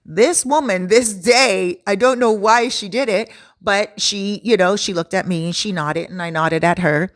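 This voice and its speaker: A woman vlogger tells a story in a chatty, laid-back way, with an easy conversational flow. Her voice sits at a mid pitch, and the sound is close and dry. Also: a little slow, dry recording. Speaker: vlogger, relocation consultant. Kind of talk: casual storytime.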